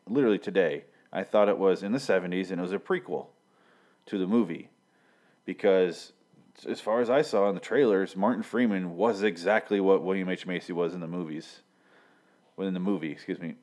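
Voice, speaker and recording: A man's voice: lowish voice, darkish tone. A man from Michigan reviewing a TV show in a casual, rambling way, swearing often and correcting himself. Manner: profane, filler-heavy, self-correcting.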